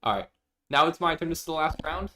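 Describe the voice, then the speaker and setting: A man's voice: on the high side, quick pace, bright, forceful tone, slight background noise. A young man streaming live, chatting casually with viewers, reading their messages aloud and laughing often.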